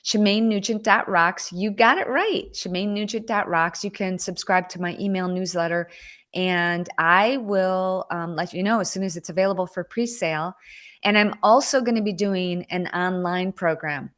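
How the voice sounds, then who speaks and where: A woman's voice: lowish voice, normal speed, fairly bright tone. Chatty, emotional woman on a live stream. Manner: frequent restarts and fillers. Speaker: live video host. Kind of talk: casual live-stream chat.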